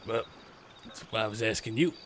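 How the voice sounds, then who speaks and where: A man's voice: lowish voice, fairly quick, a little hiss or hum. A man hosting a casual gaming session, joking and teasing his friends over voice chat while they play poker. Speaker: gaming channel host.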